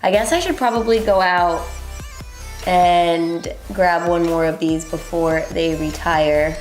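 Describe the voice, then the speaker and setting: Speaking slowly at a fairly low pitch, this young woman rambles through a relaxed makeup tutorial, dropping lots of ums along the way. She's a beauty vlogger, recorded in a room with echo and a little music in the background.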